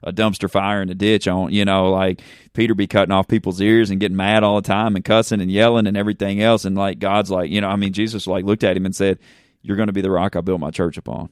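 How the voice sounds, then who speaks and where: A man with a low, smooth voice, talking like a preacher in an easy chat. He repeats himself and asks if you follow. The sound is close and dry, recorded in a church. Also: little pitch movement, fast, no echo. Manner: fervent, preacher-like, repeats "you know what I'm saying". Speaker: pastor. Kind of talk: casual chat.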